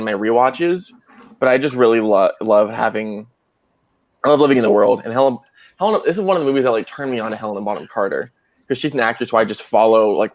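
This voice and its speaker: A man chatting casually about a favorite film, enthusiastic and self-mocking. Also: mid-range voice. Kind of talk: casual chat. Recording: dull lo-fi audio.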